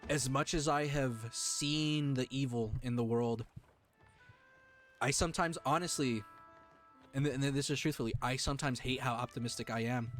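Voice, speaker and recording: A man streaming live, talking earnestly and emotionally to his chat, with halting restarts. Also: mid-range voice, soft background music.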